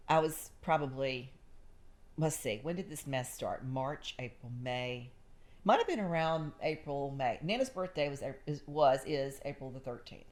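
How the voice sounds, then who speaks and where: Chatty low-voiced woman. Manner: chatty storyteller, animated, says y'all. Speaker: podcast host. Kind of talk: casual chat.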